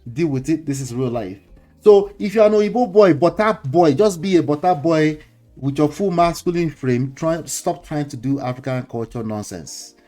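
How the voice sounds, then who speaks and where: Middle-aged Nigerian male host, relaxed preachy commentary with laughs and slang, soft music bed. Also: on the high side, normal speed. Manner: lecturing, chuckling, mixes in pidgin slang. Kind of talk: casual commentary monologue.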